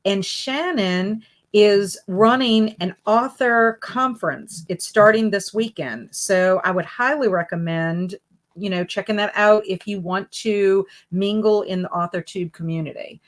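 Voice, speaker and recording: A woman's voice: medium pitch, measured pace. A woman hosting a casual reading livestream, reading out viewer comments and greeting each person by name in a friendly way. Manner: friendly, jumps up bright on greetings. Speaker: booktube livestream host.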